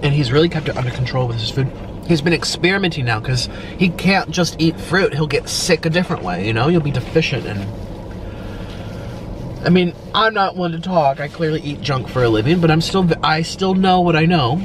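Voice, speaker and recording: A man's voice: a little high, expressive, fairly quick, background noise. A man talking emotionally and at length while eating on camera, rambling and filling his speech with "like". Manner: rambling and emotional, heavy use of "like". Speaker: mukbang video creator.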